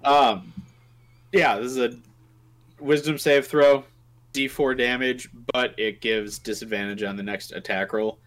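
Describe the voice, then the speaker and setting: A man co-hosting a casual tabletop game podcast, relaxed and joking, with many fillers. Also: medium pitch, a little slow. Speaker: podcast co-host. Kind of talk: casual chat about tabletop game spells.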